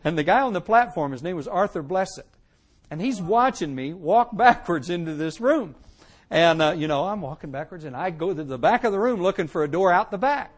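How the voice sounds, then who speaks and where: A middle-aged man giving an animated personal testimony, telling his story dramatically and laughing at times. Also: high-pitched. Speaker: testimony speaker.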